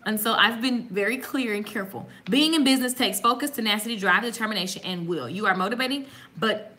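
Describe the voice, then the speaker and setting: Bright, lively woman with a sassy drawl. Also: medium pitch, fast. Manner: sassy, animated, laughs often. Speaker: host. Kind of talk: casual chat.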